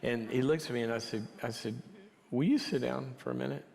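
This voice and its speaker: A man telling a story as part of a teaching talk, conversational and dropping to a hush for quiet moments. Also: medium pitch, fairly quick, vocal fry. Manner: conversational, drops to a near whisper for quiet moments. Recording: long hall reverb.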